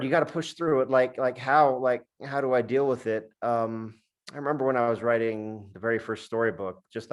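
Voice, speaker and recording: A man, an author, reading aloud from his book and then answering interview questions in a halting, casual way. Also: medium pitch. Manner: halting, with fillers and restarts when talking freely. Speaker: author and guest.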